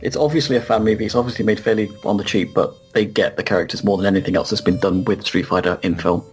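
A man talking in a casual chat, emphatic and sure of his opinions. He speaks quickly in a low voice, with faint music underneath. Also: fairly even intonation.

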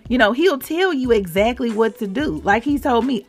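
A woman from Mississippi with a Southern accent, hosting a devotional podcast and exhorting listeners in an animated, informal way. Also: on the high side, normal speed, hardly any pauses, faint music behind. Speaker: podcast host, faith encourager.

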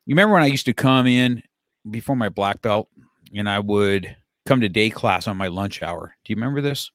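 An expressive, lowish, fairly bright male voice moves at a slightly quick clip as this fifty-something martial arts teacher swaps stories conversationally. He wanders, restarts, repeats words and laughs softly often. Dry recording, studio quality.

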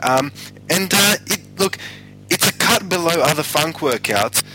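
A man's voice: on the high side, expressive, measured pace, sharp tone, a little hiss or hum, poor audio. A man hosting a casual music review chat, rambling, laughing and losing his thread. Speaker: podcast host.

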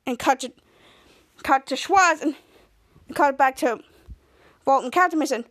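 High-voiced woman rambling through a recap. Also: a little fast, fairly bright tone. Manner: rambling, restarts with many cuts. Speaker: podcast host. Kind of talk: casual episode recap.

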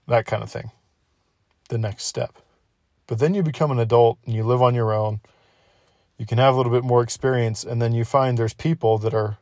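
A man's voice: medium pitch, a little mellow, no room sound, studio quality. Sick, sarcastic man rambling on a podcast. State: sick, inflamed throat. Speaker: podcast host. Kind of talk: casual late-night podcast monologue.

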